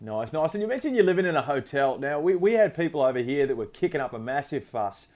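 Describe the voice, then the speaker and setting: Fast-talking man. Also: fairly high pitch, very animated, a little mellow. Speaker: podcast co-host. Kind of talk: casual chat.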